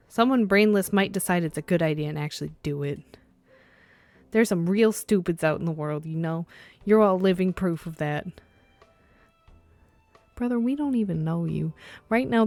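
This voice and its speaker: A woman reading a visual novel aloud, switching between narration and animated, sarcastic asides of her own. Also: medium pitch, dry recording. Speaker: let's play streamer.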